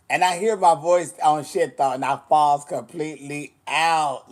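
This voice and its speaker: A man's voice: a little high, fairly even intonation, measured pace. A man chatting casually on a livestream, sassy and blunt, swearing a lot as he answers comments.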